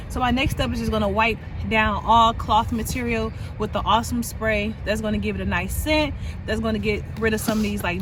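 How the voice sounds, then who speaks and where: A woman talking casually through a cleaning vlog in a relaxed, chatty way with many fillers. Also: on the high side, background noise. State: out of breath. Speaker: vlogger. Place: outdoors by a car. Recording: music playing in the background.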